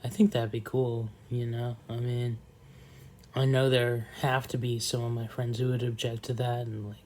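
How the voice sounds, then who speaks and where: A man talking to the camera in a slow, soft, rambling monologue, trailing off often and filling gaps with pauses. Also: mid-range voice, flat delivery, a little hiss or hum. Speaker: vlogger.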